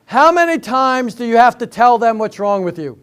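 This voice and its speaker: Performing stand-up at a senior center for a live audience, an older man speaks in an extremely high, sing-song voice that is smooth and a bit bright, at a normal speed. His routine is chatty storytelling mixed with banter with the audience.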